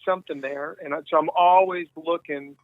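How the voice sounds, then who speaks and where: Male interview guest, rambling storyteller, dry phone-line audio, slightly higher voice. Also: fairly even intonation, moderate pace, no room sound. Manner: rambling, many restarts and quoted dialogue. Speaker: guest musician.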